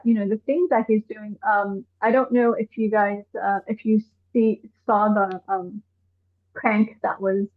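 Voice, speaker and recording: A woman from Iran, an activist guest on a live online show, talking in an animated way and firing off exasperated rhetorical questions. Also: medium pitch. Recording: tinny phone-like call audio.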